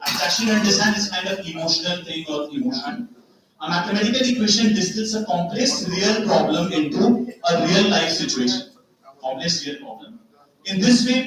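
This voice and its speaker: A man's voice: high-pitched, a bit bright. A man giving a seminar lecture with slides, explaining step by step, repeating key words and asking rhetorical questions. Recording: very echoey hall, far from mic.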